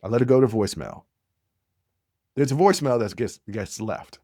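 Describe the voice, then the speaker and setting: A man hosting a podcast, telling a personal story in an animated way, speaking straight to his listeners. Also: medium pitch, normal speed, dry recording, studio quality. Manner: animated, addresses listeners directly. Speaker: podcast host. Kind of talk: storytelling monologue.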